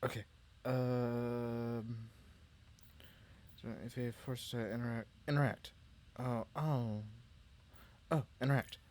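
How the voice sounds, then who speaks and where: A man giving casual let's-play commentary, a little tipsy, rambling and apologetic, with sudden excited outbursts. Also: medium pitch, slow pace. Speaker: gamer playing through a video game. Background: game music.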